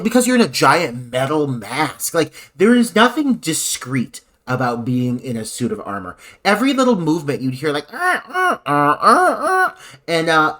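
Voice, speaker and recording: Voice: mid-range voice, fairly bright tone. A podcast co-host in casual, sarcastic film talk who swears freely. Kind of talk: casual film-review chat.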